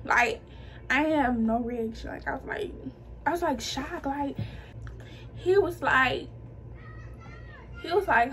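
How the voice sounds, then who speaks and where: A young woman vlogger with a high, fairly bright voice tells her own story slowly, with long pauses, over a little hiss or hum. Chatty and slangy, she calls her viewers "y'all" and animates the people she quotes.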